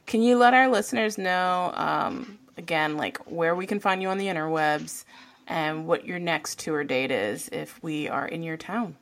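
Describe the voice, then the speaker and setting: Female podcast co-host, low voice, upbeat and encouraging. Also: measured pace. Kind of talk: casual podcast hosting.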